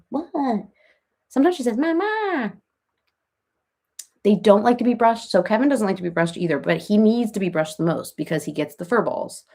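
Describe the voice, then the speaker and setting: A woman's voice: mid-range voice, a little mellow. A woman playing a rambling, chatty reality-TV woman in a comedic parody livestream, who baby-talks her cats and answers viewers by name.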